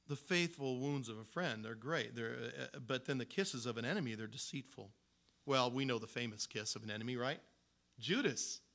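A man's voice: medium pitch, sharp tone. A man preaching a sermon in a conversational, storytelling way, with frequent restarts. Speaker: pastor.

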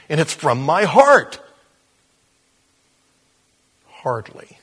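Middle-aged male pastor, husky, conversational humorous sermon. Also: fairly high pitch, sing-song, measured pace, pauses often, fairly bright tone. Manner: conversational and humorous, with acted quotes and laughs.

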